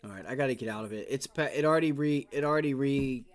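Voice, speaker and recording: A man's voice: medium pitch, fast, background noise. Exasperated young male day trader, swearing. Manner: frustrated, swears, repeats exclamations. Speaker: day trader streaming live. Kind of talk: live trading commentary.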